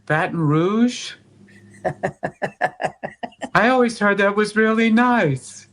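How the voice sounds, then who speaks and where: A man voicing a coy pouting wife, hesitant, bright tone. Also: sits high, lively intonation, slow pace, full character voice. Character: pouting coach's wife, hinting at moving.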